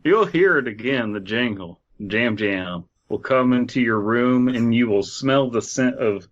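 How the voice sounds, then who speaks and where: Deadpan male co-host, dull lo-fi mic. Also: mid-range voice, measured pace. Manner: deadpan absurd quips. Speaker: podcast co-host. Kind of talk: casual comedic story reading.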